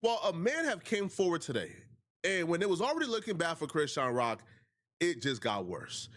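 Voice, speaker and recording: A man's voice: fairly high pitch, very animated, moderate pace, fairly bright tone. Man recapping gossip news casually. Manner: conversational, filler-heavy recap.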